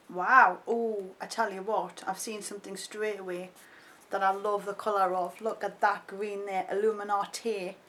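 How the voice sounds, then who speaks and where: An excitable woman, unboxing makeup for her vlog. She chats straight to her viewers in a casual, gushing way. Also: mid-range voice, a little hiss or hum, poor audio. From North East England. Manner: excitable, chatty, talks to the viewer. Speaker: beauty vlogger.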